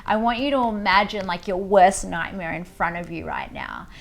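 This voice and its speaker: A woman coaching listeners through a guided tapping meditation, giving slow, soothing instructions and affirmations. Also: medium pitch.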